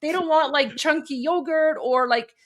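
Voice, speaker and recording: Woman co-hosting, high bright voice, rambly casual talk with like like like. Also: moderate pace. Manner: chatty, lots of fillers. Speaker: co-host. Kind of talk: casual chat on a live show.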